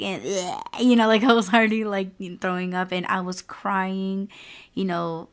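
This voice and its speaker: A woman's voice: medium pitch, steady tone, normal speed, clear, resonant tone. A young adult woman hosting a podcast, telling a personal story in a frank, candid way, full of "like" and "you know". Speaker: podcast host.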